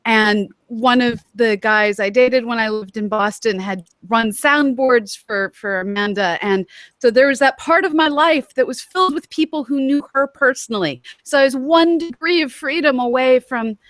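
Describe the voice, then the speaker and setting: A woman from Massachusetts hosting a chatty talk show, quick to jump in with jokes. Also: on the high side, a bit bright, no room sound. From Massachusetts, USA. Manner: chatty, quick to joke and interject. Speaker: host. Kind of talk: casual conversation.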